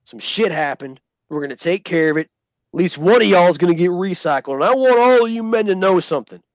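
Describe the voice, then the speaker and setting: A man's voice: sits high, lively intonation, no echo, pitched above the performer's own voice. Man playing a raging southern drill sergeant. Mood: lecturing. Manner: snarling, slow, menacing. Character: furious short southern male drill sergeant.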